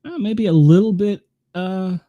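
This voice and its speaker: The host of a show, speaking with a Tennessee Southern accent, clicks around live weather radar, chatting casually, rambling and teasing himself. His high-pitched voice keeps a measured pace, and the audio is narrow and tinny, with no room sound.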